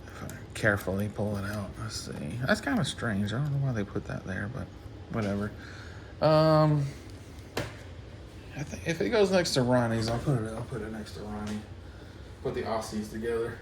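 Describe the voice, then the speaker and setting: A soft-spoken man doing a casual mail-call vlog about his toys, talking haltingly with many restarts, at home. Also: on the low side, background noise. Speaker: toy collector vlogger.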